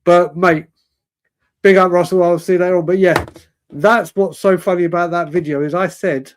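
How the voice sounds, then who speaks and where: A man in his forties with a high-pitched voice tells a story in loose, casual chat. He rambles, corrects himself often, and stays animated throughout. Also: moderate pace, a little hiss or hum. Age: 40s. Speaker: fan show guest.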